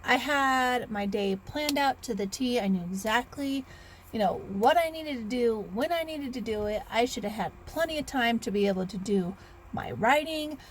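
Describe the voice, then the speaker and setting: A woman's voice: fairly high pitch, lively intonation, normal speed, a little hiss or hum. A woman in her thirties, chatting casually in a rambling vlog with restarts and sighs. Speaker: author vlogger.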